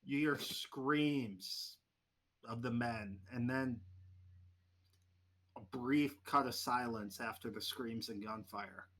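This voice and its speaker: A man running a tabletop game as game master, narrating vividly and dramatically. His voice is bright and forceful. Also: medium pitch, takes it slowly, long pauses.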